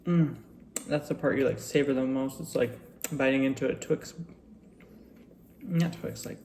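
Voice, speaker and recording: Casting: man with a gravelly voice, relaxed and reflective casual vlog chat. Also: medium pitch, unhurried, slight background noise. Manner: relaxed, reflective, chatty with frequent fillers. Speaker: vlogger.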